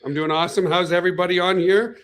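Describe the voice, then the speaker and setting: A man's voice: sits high, steady tone, fast talker, fairly bright tone, smooth. A man from Canada hosting a live webinar, upbeat and chatty, greeting viewers by name. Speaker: webinar host. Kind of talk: casual live webinar chat.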